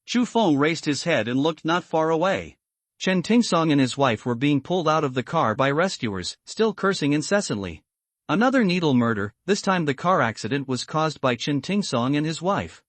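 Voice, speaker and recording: A man narrating a story recap in a steady, even reading voice, reading the characters' lines without putting on voices. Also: fairly high pitch, moderate pace, no echo.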